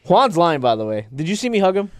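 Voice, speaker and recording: A man's voice: high voice, very animated, quick pace, no room sound, clean studio sound. A man co-hosting a podcast in casual chat, blunt and swearing freely. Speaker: podcast co-host.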